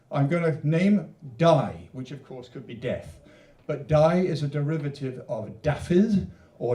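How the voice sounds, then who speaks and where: At an indoor literature event, a man with a medium-pitched, dark-toned voice reads his own poems, reciting them rhythmically and emphatically, with rambling, joking introductions in between. The echoey recording was made from a distance.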